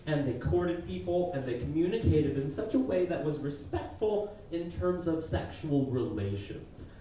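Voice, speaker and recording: A man doing a stand-up roast while sick, rambling and halting in a self-deprecating way on a comedy club stage. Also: high-pitched, darkish tone, a little hiss or hum. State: sick, congested. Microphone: stage mic at a distance. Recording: echoey stage from far off, crowd laughter.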